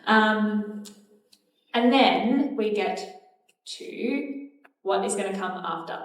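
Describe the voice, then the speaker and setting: A woman's voice: fairly high pitch, steady tone, measured pace. A young woman teaching a church class, retelling a Bible story in a chatty way and leading group recitation. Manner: chatty, uses fillers, directs the group. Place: church hall. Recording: echoey hall from far off.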